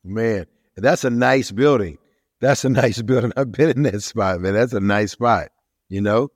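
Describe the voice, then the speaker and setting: A man's voice: fairly low pitch, measured pace, dry recording, clean studio sound. A man interviewing a guest in casual conversation, asking rambling questions full of fillers.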